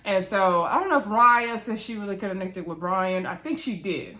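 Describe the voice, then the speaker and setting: A chatty woman recapping a reality show in a loose, gossipy way, tossing in playful asides and quick laughs. Her voice sits at an ordinary, middle pitch for a woman. She fills the gaps with plenty of ums and "you know"s. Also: bright, forceful tone. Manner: frequent fillers and quick laughs. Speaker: reality TV reviewer. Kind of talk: casual recap review.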